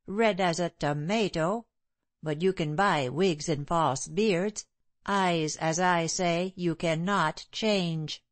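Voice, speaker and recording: A woman voicing a stubborn, indignant London landlady in an audiobook, insistent and sharp-tongued. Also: fairly low pitch, slow, no echo.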